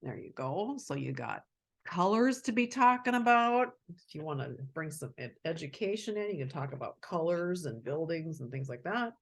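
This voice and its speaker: Brief: relaxed book-club host reading a kids' story, chatty asides, gravelly and husky voice. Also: mid-range voice, normal speed. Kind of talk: casual read-aloud with commentary.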